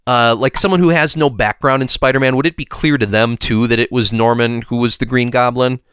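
A man's voice: mid-range voice, steady tone, brisk, a bit bright, clear, resonant tone, no room sound, clean studio sound. A man co-hosting a podcast, chatting casually about a cartoon episode with frequent restarts and affirming noises. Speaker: podcast co-host. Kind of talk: casual chat.

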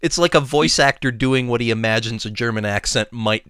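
A man co-hosting a podcast, talking casually with many pauses and restarts. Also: mid-range voice, fairly bright tone, clean tone, dry recording. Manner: halting, many fillers and restarts. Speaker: podcast co-host. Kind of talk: casual chat.

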